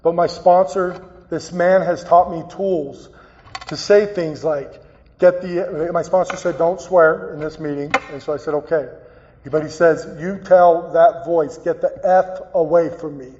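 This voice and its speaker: A man giving a personal, earnest recovery talk as a guest speaker, halting and repeating phrases as he tells his story. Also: on the high side, steady tone, darkish tone, a little hiss or hum. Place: meeting hall. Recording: dull, echoey hall recording.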